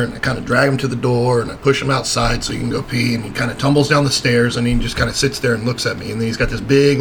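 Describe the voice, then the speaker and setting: A podcast co-host on a casual talk show tells a story in a laid-back way, swearing and laughing often. His mid-range voice is creaky and a bit bright, over slight background noise.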